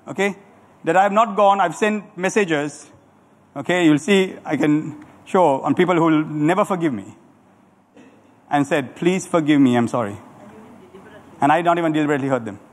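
A middle-aged man preaching a sermon as a pastor, animated and calling on the congregation to answer back. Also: fairly high pitch. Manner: animated preaching with audience call-and-response. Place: church hall. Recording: church hall with long reverb.

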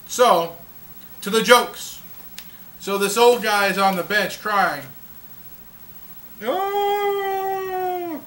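A man's voice: high voice, pushed and bright, far from the mic, a little hiss or hum. A man hosting his own casual video diary, telling jokes and laughing at them, recorded on a camcorder's built-in mic. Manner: sings a jingle, tells jokes and laughs at them. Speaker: vlog host.

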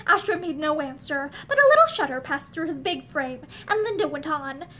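Lady reading an old novel out loud, expressive, high voice, faint background noise. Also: moderate pace. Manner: expressive dramatic storytelling. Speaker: audiobook reader. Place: room with bookshelves. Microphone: camera facing her as she sits.

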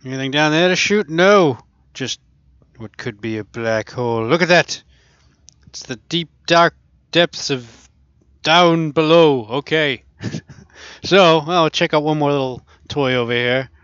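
A man with a smooth, clear voice and a slightly higher pitch chats loosely through a VR game session. He talks to himself as he plays, amused and easygoing. The sound is dry and close, with no room around it. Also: unhurried, fairly bright tone, no echo, muffled recording. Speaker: gaming channel host. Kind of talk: casual VR gameplay commentary.

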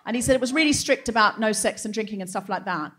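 A woman's voice: mid-range voice, fast, a bit bright. A woman hosting a live comedy show, telling a chatty personal anecdote with wry punchlines, speaking from a theatre stage. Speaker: host.

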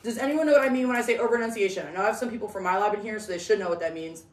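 A woman's voice: mid-range voice, rapid-fire, distant mic. Blunt, chatty young woman lecturing. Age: young adult. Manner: blunt, chatty, full of "like" and "okay?". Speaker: debate coach lecturer. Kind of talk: casual classroom lecture. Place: classroom. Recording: roomy classroom, voice from across the room.

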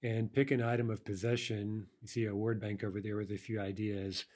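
A man gives a recorded language lesson in a relaxed, warm voice. He explains each example patiently and often pauses to ask "right?" before moving on. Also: on the low side. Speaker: language teacher.

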